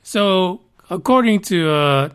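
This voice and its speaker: A high-pitched man hosts a casual news podcast, reading out stories and riffing on them. His delivery is sarcastic and animated, and he swears freely. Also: slow pace, smooth. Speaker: podcast host.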